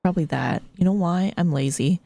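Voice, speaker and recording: A woman's voice: lowish voice, a little fast, vocal fry, dark tone, no room sound. A woman streamer chatting casually as she plays, joking at herself and swearing now and then. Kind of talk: casual live-stream chat. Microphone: streaming mic.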